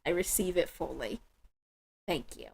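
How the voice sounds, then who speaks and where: Her voice is on the low side, creaky and slightly rough, yet lively in intonation. She hosts a spiritual livestream, speaking with viewers in a slow, soft, warm, emotional, and affirming manner.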